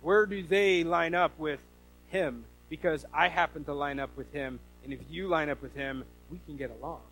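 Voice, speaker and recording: A man's voice: fairly high pitch, normal speed, fairly bright tone, faint music behind, rough recording. A man preaching a sermon as pastor, talking conversationally with rhetorical questions and frequent restarts.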